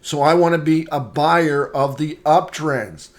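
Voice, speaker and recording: A man's voice: on the high side, measured pace. A man, a trading instructor, giving a live market analysis lesson, repeating points and checking in with "okay?" often. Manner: greets viewers by name mid-lesson.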